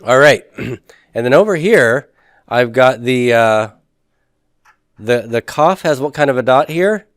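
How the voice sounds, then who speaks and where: A male teacher walks through a review lesson in a smooth, resonant voice. He poses questions and then answers them himself, step by step. The sound is dry and close, with no room around it. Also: medium pitch, lively intonation, unhurried, dry recording. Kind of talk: recorded class review lesson.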